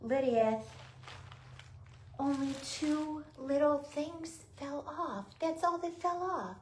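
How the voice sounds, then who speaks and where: A woman unboxing a parcel in a vlog, gushing and repeating herself with excitement. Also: high-pitched, takes it slowly. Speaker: small business crafter unboxing happy mail. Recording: echoey room with clear ambient noise.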